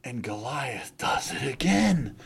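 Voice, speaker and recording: Animated slow-paced male preacher. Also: mid-range voice, creaky. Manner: dramatic, animated retelling. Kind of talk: sermon storytelling.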